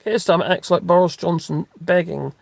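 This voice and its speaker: A middle-aged man with a slightly high, gravelly voice chats loosely to his live-stream viewers. He rambles from one thought to the next with plenty of fillers and restarts. He talks into a phone while out on a dog walk. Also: fairly even intonation, moderate pace, no echo.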